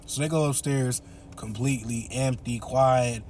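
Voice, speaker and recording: A man casually recapping a movie plot, chatty and quick to laugh. His voice is mid-pitched and easygoing. A faint hiss runs underneath. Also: fairly even intonation, darkish tone. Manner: chatty, laughs often, acts out the characters' lines. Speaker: movie reviewer.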